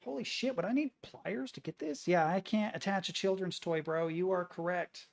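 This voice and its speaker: Woman streamer, casual chat, swears a lot, mutters then bursts out, lowish voice. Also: moderate pace, gravelly. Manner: swearing, excitable, muttering between outbursts.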